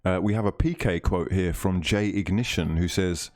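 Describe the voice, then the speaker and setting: A man's voice: deep voice, normal speed. A man hosting a live stream, reading viewer comments aloud in a playful, mock-grand way.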